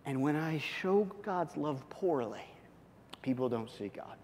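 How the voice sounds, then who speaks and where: A male pastor preaching, telling a story with lots of restarts and animated asides. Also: fairly high pitch, unhurried, slight background noise. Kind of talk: sermon with storytelling. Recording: long hall reverb.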